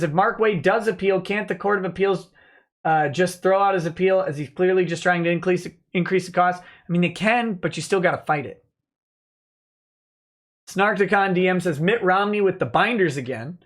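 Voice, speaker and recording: A man hosting a relaxed livestream, reading viewer messages aloud and answering them offhandedly. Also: high voice. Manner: reads donor messages aloud, chatty and offhand. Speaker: livestream host reading chat. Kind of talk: relaxed live-stream chat.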